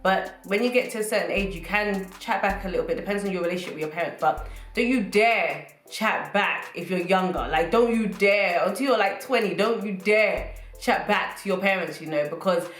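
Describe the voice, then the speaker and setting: A British woman in her late twenties telling jokes and stories to the camera in an animated, playful way and talking straight to her viewers. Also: medium pitch, a little fast. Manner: animated, joking, addresses viewers as guys. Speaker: vlogger. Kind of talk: casual comedic monologue to camera. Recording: roomy echo, faint music.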